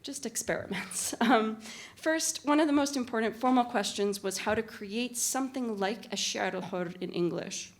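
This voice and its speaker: Woman giving an academic conference talk. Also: on the high side. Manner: measured, articulate reading with occasional fillers. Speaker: conference panelist and literary translator. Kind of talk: academic conference talk read from a prepared text. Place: university conference room.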